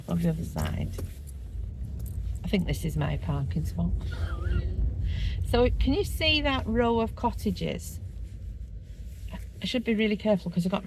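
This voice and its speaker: A middle-aged woman talks through a casual walking vlog in a mellow voice with a gravelly, creaky edge. She chats like an informal tour guide, rambling with plenty of ums and easy asides. Her voice sits slightly low. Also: a little hiss or hum, poor audio. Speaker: vlogger showing a walking spot.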